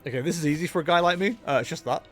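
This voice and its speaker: A man's voice: a little high, very fast, fairly bright tone, faint music behind. A young man giving casual, jokey gameplay commentary as a streamer, chatting with his viewers. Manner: jokey, self-mocking, chatty with chat. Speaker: game streamer.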